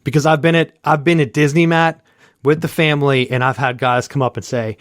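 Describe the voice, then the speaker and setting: A man's voice: medium pitch, a little fast, dry recording, clean studio sound. A man in his thirties co-hosting a casual sports chat, rambling through a story with lots of "like" and acting out the people in it. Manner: heavy use of "like" and fillers. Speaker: podcast co-host.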